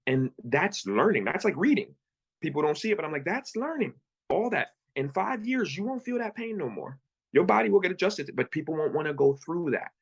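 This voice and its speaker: Earnest man with a lively voice. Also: fairly high pitch, brisk, creaky, breathy edge. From Pennsylvania. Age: 30s. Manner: earnest, repeats words, acts out his own thoughts in quotes. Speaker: guest. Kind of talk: candid personal storytelling.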